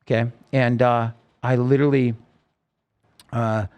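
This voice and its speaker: A man's voice: medium pitch, little pitch movement, a little slow, a little mellow, clear, resonant tone. A man, a singer-songwriter, telling his own story in a podcast interview, earnest and rambling with many restarts.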